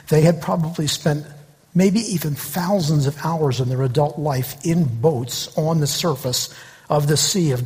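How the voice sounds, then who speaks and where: A man preaching a sermon as pastor, telling stories with lively acted-out voices. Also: fairly high pitch, breathy edge, long reverb tail. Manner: animated storytelling, acting out quoted voices.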